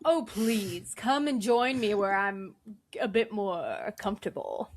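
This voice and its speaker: A woman's voice: mid-range voice, lively intonation, slow. A woman voicing a sleazy, sadistic male dentist in a tabletop game, talking in a drawling, insinuating way. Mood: creepy. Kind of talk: playing a villain in a tabletop game.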